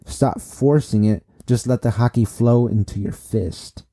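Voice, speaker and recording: A man reading the lines of a calm old male martial arts mentor in a slow, instructive way. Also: mid-range voice, close to an everyday voice.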